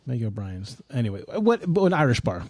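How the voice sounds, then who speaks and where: A man's voice: mid-range voice, very animated, quick pace, darkish tone, dry recording. A middle-aged man hosting a podcast, telling a rambling, self-mocking story in casual chat. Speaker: podcast host.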